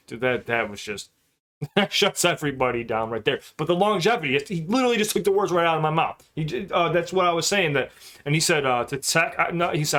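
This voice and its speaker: A man hosting a casual music reaction, breaking down lyrics with excited, profane commentary. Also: a little high, quick pace.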